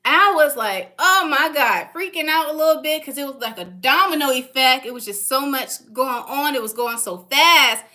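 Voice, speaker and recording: Young woman vlogger, high bright voice, hypes stuff up and repeats herself for emphasis, slangy casual talk. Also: normal speed, few pauses, a little hiss or hum. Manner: animated and emphatic, repeats phrases for stress, slangy. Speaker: stock trading vlogger. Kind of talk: casual motivational talk to camera.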